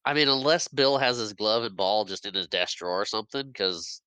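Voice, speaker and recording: A man's voice: on the low side, lively intonation, brisk, bright, forceful tone, smooth, dry recording, poor audio. A man co-hosting a podcast, chatting casually about a movie with wry asides and frequent laughs. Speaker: podcast co-host. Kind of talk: casual movie recap chat.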